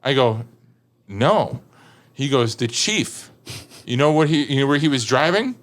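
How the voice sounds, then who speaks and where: A man's voice: mid-range voice, fast talker. A man with a Chicago-area American accent, a firefighter guest telling a story in a casual chat, laughing often and filling his talk with fillers and acted-out quotes.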